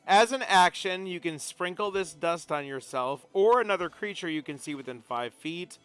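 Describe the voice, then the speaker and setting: A man's voice: high voice, animated, normal speed, a bit bright. A man running a tabletop game as game master, chatty, checking rules aloud with stumbles.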